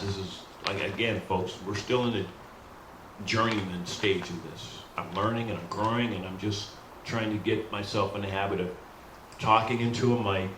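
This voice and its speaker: A middle-aged man rehearsing stand-up comedy in a rambling, self-deprecating way, often calling out to the folks. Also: lowish voice. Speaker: new stand-up comic. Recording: roomy echo, faint hum.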